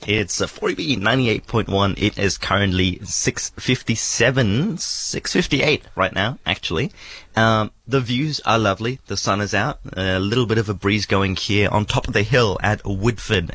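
A man's voice: on the low side, a bit bright, no room sound. A man presenting a casual breakfast radio show from a festival studio, chatty and rambling with restarts.

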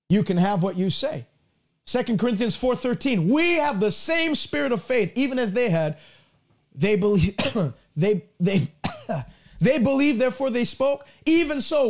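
A man with a high voice preaching a broadcast sermon. He tells a personal story earnestly and often repeats words as he builds toward his point. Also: a little mellow. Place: lives in Canada.

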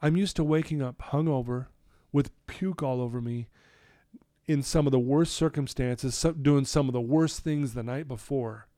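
A middle-aged man, a podcast guest telling his story in an animated way and acting out his own quoted lines. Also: mid-range voice, moderate pace, no echo, studio quality. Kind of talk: storytelling in a conversational interview.

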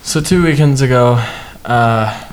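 A man's voice: medium pitch, measured pace. A young man co-hosting a casual podcast, mostly chiming in with short, laid-back reactions. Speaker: podcast co-host.

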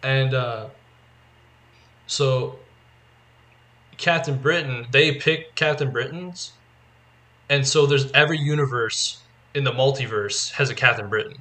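A man's voice: medium pitch, unhurried, long pauses, pushed and bright. A male podcast co-host in casual chat, rambling as he eagerly explains, filling his talk with "like". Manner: rambling, heavy use of filler "like", eager explaining.

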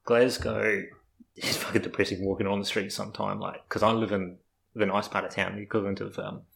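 A man's voice: fairly low pitch, little pitch movement, a little fast, vocal fry, fairly bright tone, low-quality recording. A young man from New Zealand in casual, rambling chat, swearing freely as he talks about life abroad.

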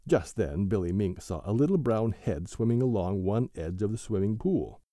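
Man reading a kids' story, super dark mellow voice, lots of lilt, dry sound. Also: fairly low pitch, normal speed, few pauses, no room sound. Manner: animated, gentle storytelling. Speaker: podcast host and narrator. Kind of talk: children's storybook narration.

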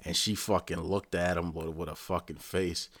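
A deep-voiced man tells a story in a loose, rambling rant, with swearing in almost every line. The sound is dry and close, with no room around it. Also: moderate pace, dry recording. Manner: profane, rambling, animated storytelling. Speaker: vlogger. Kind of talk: casual rant recapping a show.

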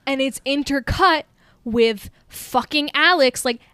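Chatty high-voiced young woman podcaster. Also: takes it slowly, sharp tone, no echo. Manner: chatty, swears freely, acts out quotes. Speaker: podcast co-host. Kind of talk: casual movie chat.

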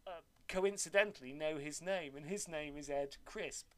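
A man's voice: a little high, moderate pace. An older man telling rambling anecdotes in casual chat, cursing freely. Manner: lively rambling storyteller, swears freely.

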